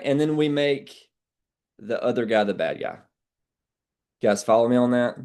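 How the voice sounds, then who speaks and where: A man leading an insurance sales team training, talking in a brash, animated way and swearing casually. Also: on the low side, unhurried, pauses often.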